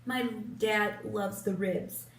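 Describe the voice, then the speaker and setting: A woman in her fifties chats slowly and unhurriedly as she gets ready, rambling with plenty of ums and restarts. She sits a bit back from the camera in a room with a roomy echo. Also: mid-range voice, steady tone, distant mic. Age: 50s. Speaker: beauty vlogger. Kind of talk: casual get-ready-with-me chat. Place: room at home in front of a big lit mirror. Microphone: camera a little way off, turned sideways.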